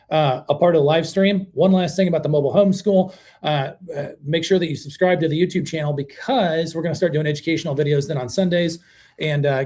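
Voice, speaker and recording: Man, casual live stream host, blunt and animated, lots of fillers, fairly high voice. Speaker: host of a mobile home channel.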